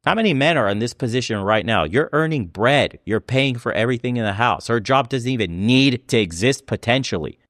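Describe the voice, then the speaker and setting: A man's voice: medium pitch, expressive, brisk, hardly any pauses, a bit bright, no echo. Blunt ranting man, dry close sound. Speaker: host reacting to clips. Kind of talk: profane reaction commentary.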